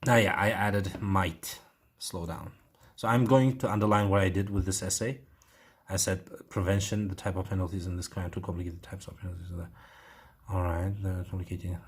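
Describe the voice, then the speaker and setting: Uzbek-accented guy going over an ielts essay, deep husky voice, lots of ums and restarts. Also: steady tone, moderate pace. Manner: thinking aloud, hesitant, many fillers and restarts. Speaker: IELTS writing teacher. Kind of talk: explaining an essay correction.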